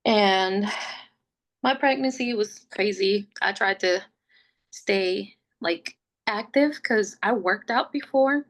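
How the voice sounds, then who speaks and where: Gravelly young woman telling her story. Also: medium pitch, takes it slowly. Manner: chatty, fills speech with "like", laughs often; gets emotional and open. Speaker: podcast guest sharing her pregnancy story. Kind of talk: casual personal storytelling.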